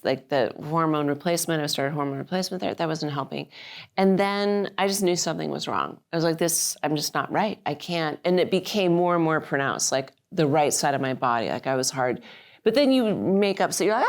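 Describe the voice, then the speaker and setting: A woman in her fifties, a guest on a live interview, telling her story in an animated way and acting out the people she quotes. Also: sits low, normal speed. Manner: frequent fillers and restarts. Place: live stage event.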